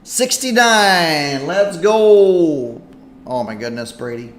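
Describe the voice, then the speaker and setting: A man hosting a live stream in casual commentary, chatty and excitable as he reacts to a game. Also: fairly high pitch, slow. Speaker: livestream host. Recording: echoey room with faint noise.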